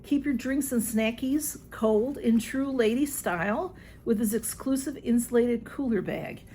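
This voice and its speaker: A woman's voice: on the high side, unhurried, dark tone, slight background noise. A woman chatting through a home unboxing video. She gushes over each item and keeps talking to her cats. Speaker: unboxing vlogger. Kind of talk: casual unboxing chat.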